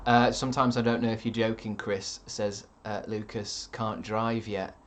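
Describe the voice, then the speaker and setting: A man in his thirties talks casually to his stream chat. His delivery is deadpan and sardonic, full of offhand swearing and dry jokes told with a straight face. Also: lowish voice, normal speed, a little hiss or hum. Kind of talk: casual chat reading viewer comments.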